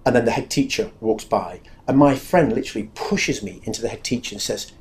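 A man's voice: mid-range voice, a little fast, darkish tone. A man giving a candid, confessional spoken testimony about his own life, speaking earnestly and acting out remembered dialogue.

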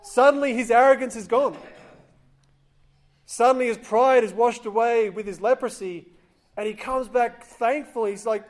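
A man with a fairly high voice preaching in a relaxed, conversational way. He tells a scripture story and slips into the voices of its people as he goes. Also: moderate pace. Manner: acts out quoted voices, conversational. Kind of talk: sermon storytelling.

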